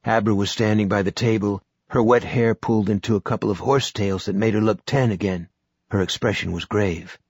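A man narrating an audiobook in a measured, even storytelling manner. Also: lowish voice, slightly rough, no echo, studio quality. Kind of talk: scripted narration.

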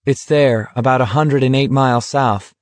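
A stubborn young man from a quiet small town answers flatly and tersely, as a male narrator voices him. The voice stays close to the reader's own. The sound is dry, with no room around it. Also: mid-range voice, moderate pace, dry recording, lightly acted.

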